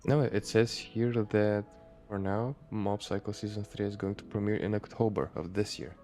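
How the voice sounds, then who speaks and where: A young man with a very deep voice chats eagerly about new releases, peppering his talk with "like". Quiet music plays faintly in the background. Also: fairly even intonation, normal speed. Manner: chatty anime fan, says "like" a lot. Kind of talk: casual chat.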